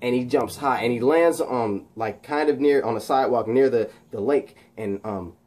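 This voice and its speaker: Man, casual movie recap, animated, sound effects, mellow voice, mid pitch. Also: normal speed. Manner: animated, shouts sound effects, lots of fillers. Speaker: video host recapping a film. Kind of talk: casual retelling of a movie scene.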